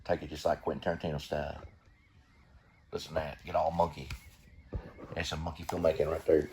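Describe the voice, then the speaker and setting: A man's voice: extremely low pitch, level tone, brisk, a little mellow, a little hiss or hum. A man giving rambling, folksy commentary while watching a film, swearing casually and repeating himself. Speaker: vlogger.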